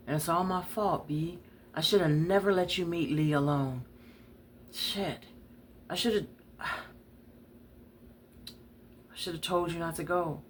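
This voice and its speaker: A woman storyteller voicing a devoted lover who is tender, helpless and blames themself, speaking softly and pleadingly. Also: low-pitched, a little hiss or hum. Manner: soft, pleading, self-blaming. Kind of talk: dramatic story reading.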